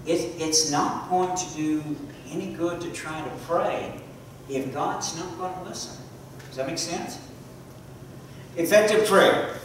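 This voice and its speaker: Echoey preacher asking the room questions. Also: male voice, a little high, a little slow, slight background noise. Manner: interactive, asks congregation questions, repeats words. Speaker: preacher and teacher. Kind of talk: sermon. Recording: echoey hall from far off.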